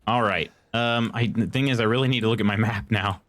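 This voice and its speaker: A man streams a horror game live, chatting casually with viewers, reading chat and in-game text aloud, and musing as he plays. His voice is lowish and a bit bright, and he talks a little fast.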